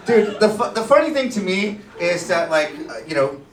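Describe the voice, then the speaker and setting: A man's voice: high voice, very animated, normal speed, roomy sound, distant mic, crowd noise. A Canadian man doing a crude, rowdy stand-up comedy set on a sports bar stage. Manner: crude, rowdy storytelling with lots of swearing.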